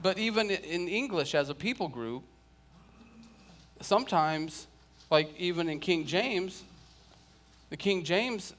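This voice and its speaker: A man's voice: high voice, lively intonation, takes it slowly, long pauses, a bit bright. A man teaching a casual church Bible class, chatting and joking with his students.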